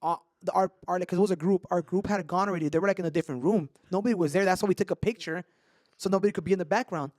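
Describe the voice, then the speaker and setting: Fast-talking high-voiced man telling ghost stories. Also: dry recording, studio quality. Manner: animated, swears a lot, mixes in Spanish slang. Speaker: podcast host. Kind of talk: casual storytelling chat.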